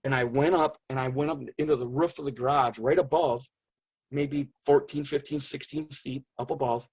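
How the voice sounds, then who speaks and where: Earnest husky man groping for words. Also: mid-range voice, fairly even intonation, darkish tone. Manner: earnest, halting, searching for words. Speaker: interview guest. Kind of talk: personal testimony in conversation.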